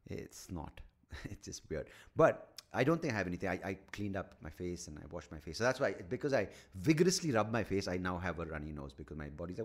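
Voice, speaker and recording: A man with a fairly low voice hosts a solo podcast. He talks off the cuff into a microphone at home, swearing freely and poking fun at himself. His pitch swings widely as he goes. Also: expressive, fast. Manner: rambling, profane, self-mocking, thinking out loud. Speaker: podcast host and comedian. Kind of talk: rambling solo podcast monologue. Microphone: studio microphone.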